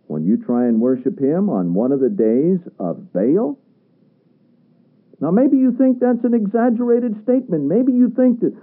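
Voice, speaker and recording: Male preacher, slightly high, animated delivery, emphatic rhetorical sermon, thin phone-like radio sound. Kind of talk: sermon with scripture reading. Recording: tinny radio broadcast sound.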